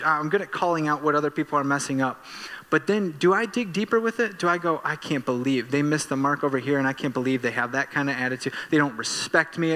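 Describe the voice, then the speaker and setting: Animated pastor preaching in a reverberant hall. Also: male voice, medium pitch. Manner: animated, self-deprecating storytelling with rising excitement. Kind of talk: sermon. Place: church sanctuary.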